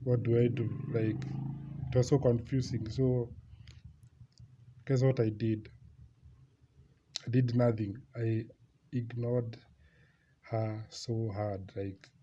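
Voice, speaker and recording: Young man, casual storytelling, rambling, repetitive, slow, mellow tone, dull lo-fi sound with faint hiss. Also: mid-range voice, level tone. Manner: rambling, repetitive, laughs between lines. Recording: slightly dull lo-fi recording with faint noise.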